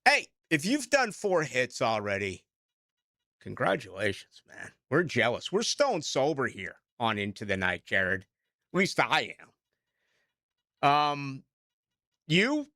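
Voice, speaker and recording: A man's voice: medium pitch, wildly swooping pitch, slow, pauses often, sharp tone, no echo, studio quality. A middle-aged man with a Boston accent, hosting late-night sports talk radio in a rambling, self-mocking way.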